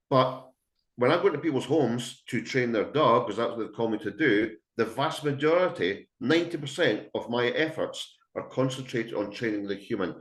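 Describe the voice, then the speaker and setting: A middle-aged man, a dog trainer giving a blunt, emphatic webinar talk full of anecdotes to dog owners. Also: medium pitch. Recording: echoey room.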